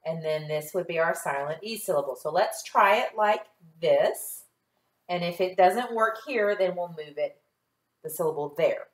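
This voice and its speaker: Patient teacher woman in an echoey room. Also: lowish voice. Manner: slow, clear enunciation with drawn-out model words; patient and encouraging. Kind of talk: recorded phonics lesson for children.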